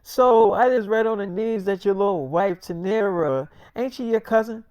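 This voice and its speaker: A man's voice: high voice, moderate pace, a little mellow, clean tone, dry recording, muffled recording, voice pushed up, close to an everyday voice. A man voicing an angry young woman who accuses him, in a freestyle story. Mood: angry scolding. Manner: scolding, accusing.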